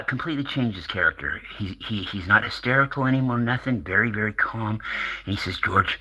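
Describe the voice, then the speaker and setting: A middle-aged American man rambles through a casual monologue, cursing and chuckling as he goes. His voice sits very low, with a husky grain and a hard, sharp edge. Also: poor audio. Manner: rambling, profane, laughs often. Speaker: channel host.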